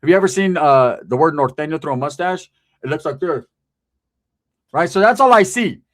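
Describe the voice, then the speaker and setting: A man's voice: a little high, expressive, moderate pace. A middle-aged man telling a street story in casual, profane slang, keeps checking in with "right?".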